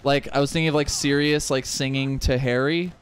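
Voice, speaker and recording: With a clear, resonant mid-range voice, fairly even intonation and a fairly quick pace, a young man from a gaming channel chats and rambles during a game with friends. He often restarts and laughs through the casual banter.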